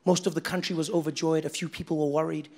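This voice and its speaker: A young man with a South African accent doing an animated stand-up set. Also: fairly high pitch, fast talker. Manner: animated storytelling, shifting into voices. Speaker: stand-up comedian. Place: live stage with audience.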